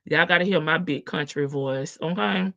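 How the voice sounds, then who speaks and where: A woman's voice: sits low, normal speed, pushed and bright, no room sound. A woman hosting a casual livestream, reading chat comments aloud in a sassy, teasing way and laughing often. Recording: dull lo-fi stream audio.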